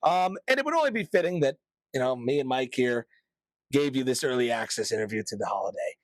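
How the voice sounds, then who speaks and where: A man's voice: medium pitch, animated, quick pace, no echo. A man hosting a casual podcast, talking in a loose, joking, promotional way. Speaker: podcast host.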